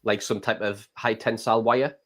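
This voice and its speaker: A man's voice: on the low side, fairly even intonation, normal speed, fairly bright tone. A British man chatting as a guest on a live stream, rambling a little and calling people mate. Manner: says mate a lot, rambling. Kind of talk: casual live stream chat.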